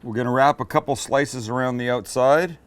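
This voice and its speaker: A man hosting a cooking show, walking through a recipe in a relaxed, joking way and bantering with the crew behind the camera. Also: medium pitch, normal speed, clear, resonant tone. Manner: chatty, joking, teases his crew. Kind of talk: casual cooking demonstration.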